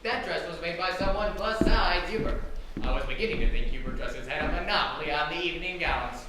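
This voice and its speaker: A man playing a bumbling male beauty pageant announcer in a community stage play, jokey and excitable. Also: fairly high pitch, a little fast, lightly acted. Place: theater stage. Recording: echoey hall, distant and noisy.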